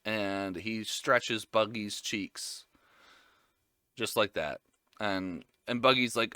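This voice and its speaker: A man's voice: medium pitch, animated, slow pace, sharp tone, clear, resonant tone, no echo, studio quality. A man casually recapping an anime episode, rambling and joking with frequent swearing.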